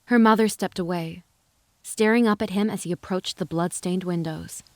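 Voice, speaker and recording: A woman reading a western novel aloud as narrator, in an even, measured storytelling voice. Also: lowish voice, dry recording. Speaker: audiobook narrator. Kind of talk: scripted narration.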